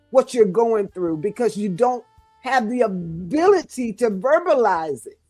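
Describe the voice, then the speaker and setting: A woman's voice: on the high side, dark tone, no room sound. A middle-aged woman, a guest author, speaking to mothers in a fervent, repetitive, preaching style.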